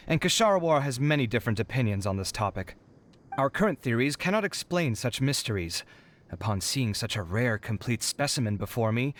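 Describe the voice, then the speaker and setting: For a video game dub, an actor with a medium-pitched voice lightly performs a put-upon, weary young architect prone to exasperated complaints and sighing. Game music can be faintly heard in the background.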